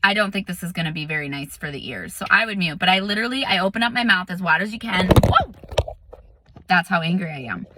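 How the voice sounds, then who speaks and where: A woman meditation teacher in a casual vlog, chatty and animated, telling a story with lots of "like" and "um". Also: on the low side, quick pace, few pauses, very noisy.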